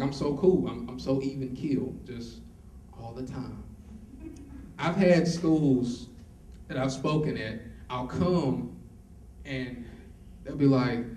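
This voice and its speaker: A man with a fairly high voice gives a motivational talk, acting out both sides of his stories. He sounds roomy and a little distant, as if recorded from the back of a hall. A faint hum of room noise sits under him. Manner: animated storytelling, acting out both sides of conversations. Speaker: motivational speaker. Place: college auditorium. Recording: echoey hall recorded from far off.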